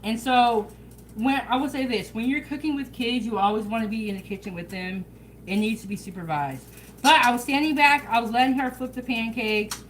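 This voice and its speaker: A woman hosting a casual home cooking vlog, chatting in a relaxed way and talking straight to her viewers. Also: a little high, fairly quick, slight background noise, low-quality recording. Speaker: home cooking show host. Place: home kitchen.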